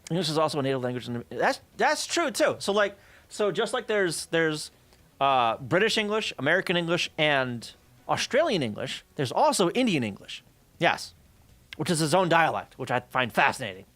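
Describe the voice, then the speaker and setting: A man streaming, telling a story in casual chat with an animated, profane manner, acting out the voices of the people he talks about. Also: on the high side, normal speed.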